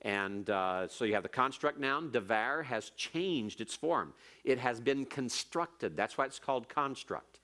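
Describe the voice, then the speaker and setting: A man's voice: medium pitch, animated, unhurried, few pauses, sharp tone. A man teaching Hebrew grammar in a classroom lecture, explaining patiently step by step and repeating key points.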